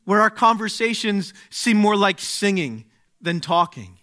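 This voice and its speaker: A man preaching a sermon, speaking slowly and deliberately, dropping to a hush and then rising to exclaim. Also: high-pitched, lively intonation. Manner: slow, deliberate, swings from hushed to exclaiming.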